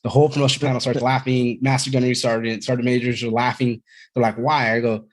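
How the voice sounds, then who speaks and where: A Marine veteran in his thirties, guesting on a podcast, tells stories in a casual, candid way at length. His mid-range voice stays level and quick as he rambles a bit and swears freely.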